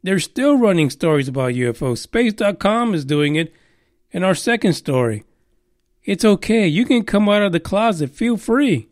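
A high-voiced man rants through a podcast monologue, swearing freely and sarcastic, full of ums and restarts. His voice sounds close and dry, with no room around it. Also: very animated, moderate pace, darkish tone, no room sound. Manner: profane, sarcastic, rambling with many fillers. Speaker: podcast host.

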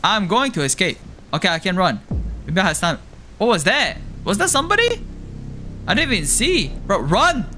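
A man's voice: extremely high pitch, bright, forceful tone, a little hiss or hum. A man giving horror game commentary, jumpy and panicky but joking and talking to himself as he plays. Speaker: gaming streamer.

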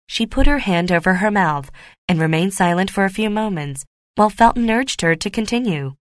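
A woman narrating a graded reader audiobook in a clear, steady, measured way. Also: medium pitch, no echo, studio quality.

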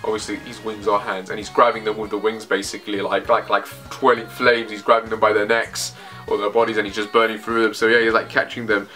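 Bright-voiced man rambling through a reaction. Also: fairly low pitch, quick pace, faint music behind. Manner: rambling, thinking aloud, excitable. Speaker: manga reaction host. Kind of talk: casual reaction commentary, reading a comic aloud.

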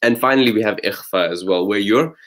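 A man's voice: on the low side, quick pace, a bit bright. A man hosting and teaching, casually summarizing recitation lessons with frequent fillers and restarts. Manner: explains patiently with many fillers and restarts. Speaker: host and Quran recitation teacher.

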